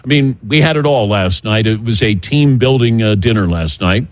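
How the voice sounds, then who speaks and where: A middle-aged man hosting a sports radio show outdoors, talking in a relaxed, chatty way and running through the show's rundown. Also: lowish voice, normal speed, dry recording. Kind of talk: casual morning show talk. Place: outdoors by a golf driving range.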